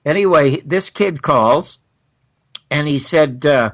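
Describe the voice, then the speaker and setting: Older guy being interviewed, gravelly fry in the voice, animated storyteller doing all the back-and-forth. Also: a little high, takes it slowly. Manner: animated, acts out quoted exchanges. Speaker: interview guest.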